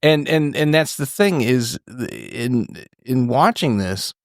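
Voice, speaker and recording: A man's voice: mid-range voice, animated, takes it slowly, no echo, studio quality. A man hosting a podcast, talking politics in a rambling, profane way with frequent restarts. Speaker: podcast host. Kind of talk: casual political chat.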